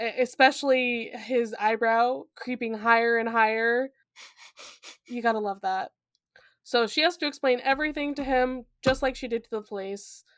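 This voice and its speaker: A woman's voice: on the high side, normal speed, fairly bright tone, dry recording, clean studio sound. A young woman co-hosting a podcast, chatting casually about a book with playful asides and frequent laughter. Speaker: podcast co-host. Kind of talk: casual book-discussion chat.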